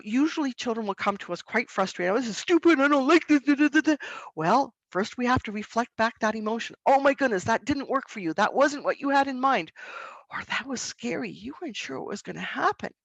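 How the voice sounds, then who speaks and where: Woman, webinar presenter, earnest and gentle, mid-pitched voice, dry close sound. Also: no echo. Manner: earnest and gentle, unhurried with pauses. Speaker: presenter to school staff. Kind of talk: online webinar talk.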